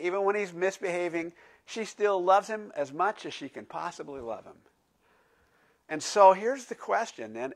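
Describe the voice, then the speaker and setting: An older man, a pastor, giving a sermon in a conversational, animated storytelling way, full of asides. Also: a little high. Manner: animated storytelling, acting out quoted voices.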